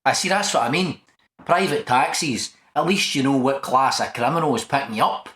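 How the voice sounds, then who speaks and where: A man's voice: medium pitch, lively intonation, moderate pace, a bit bright, echoey room. A man with a Glaswegian Scottish accent, answering his mate with dry, scoffing, sweary comebacks. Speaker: comedy sketch performer. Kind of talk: scripted comedy chat.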